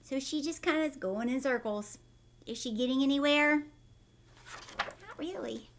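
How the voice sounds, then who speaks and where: Lady teacher doing storytime, high sing-song voice, slow, keeps asking the kids stuff. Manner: animated, questioning the young listeners. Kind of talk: read-aloud storytime for children.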